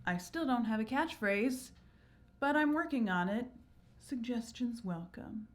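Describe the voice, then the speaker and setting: A woman's voice: a little high, animated, unhurried. A woman hosting her own channel, explaining verse and meter in an upbeat, enthusiastic, teacherly way. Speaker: channel host.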